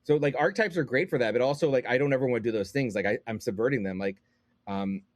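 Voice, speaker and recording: Male podcast guest, rapid and rambling, dry mic. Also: mid-range voice, no echo. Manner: rambling, animated, frequent fillers and restarts. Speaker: guest comic book writer. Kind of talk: casual podcast chat.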